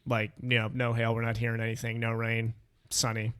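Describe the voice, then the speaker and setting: A man's voice: medium pitch, monotone, brisk, fairly bright tone, clean tone. A man co-hosting a cycling podcast, talking casually with lots of restarts. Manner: rambling, full of restarts and fillers. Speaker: podcast co-host. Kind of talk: casual chat.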